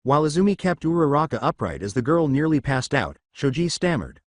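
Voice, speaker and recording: A man narrating fan fiction at a steady pace. His pitch moves a lot, and the recording is dry with no room echo. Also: fairly quick. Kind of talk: read-aloud fan story narration.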